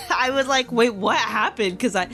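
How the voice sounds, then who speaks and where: A woman's voice: a little high, a little slow, music in the background. A young woman co-hosting a podcast, chatting casually with blunt, playful remarks and frequent laughs. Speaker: podcast co-host. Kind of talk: casual chat.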